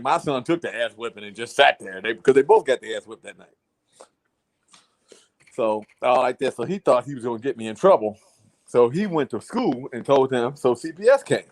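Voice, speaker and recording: A man casually telling a long story to friends in a blunt, profane way, repeating "I said" as he retells it. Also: medium pitch. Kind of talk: casual chat.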